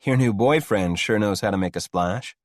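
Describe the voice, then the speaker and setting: A man's voice: lowish voice, normal speed, no room sound, close to an everyday voice. A man voicing a dry, skeptical coffee shop coworker. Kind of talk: audiobook dialogue.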